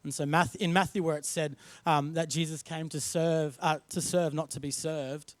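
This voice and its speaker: A man's voice: on the high side, steady tone, normal speed, no room sound. An Australian man in his thirties preaching a sermon in church, talking casually with many restarts and repeated words. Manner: conversational, repeats words and restarts, tells family stories. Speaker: pastor.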